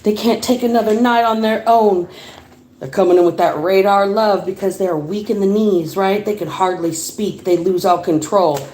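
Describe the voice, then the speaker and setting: A woman's voice: medium pitch, normal speed, slight background noise. Chatty woman doing a tarot reading, roomy echo. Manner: chatty and animated, laughs often, swears casually. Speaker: tarot reader. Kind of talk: casual livestream tarot reading.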